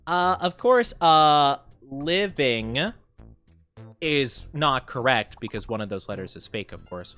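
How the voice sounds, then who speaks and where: A young man streaming a word game in casual chat. He rambles excitedly, laughs often and jokes at his own expense. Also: medium pitch, slow pace, soft background music.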